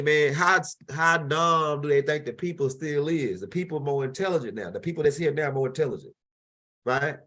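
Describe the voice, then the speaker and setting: A man hosts his own show and talks over video clips in a loose, animated way. His voice sits fairly high, and he rambles, restarting his sentences again and again. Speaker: host.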